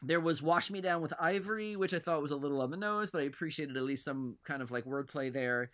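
A man with a slightly raised voice co-hosts a casual podcast. He rambles through his points with pauses and asides, speeding up and slowing down as he goes. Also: on the high side, fairly bright tone. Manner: rambling, hesitant, lots of fillers and asides. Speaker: podcast co-host.

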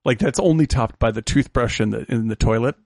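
A man co-hosting a casual film-review podcast, animated and quick to laugh, often restarting his sentences. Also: medium pitch, creaky, dry recording, clean studio sound.

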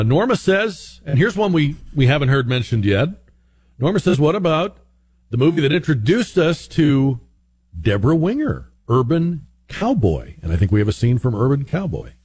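A man's voice: medium pitch, big pitch swings, moderate pace, a little mellow, husky. A man hosting a radio call-in show, chatty and rambling, with plenty of ums and restarts. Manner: chatty, rambling, many fillers. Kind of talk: casual talk radio.

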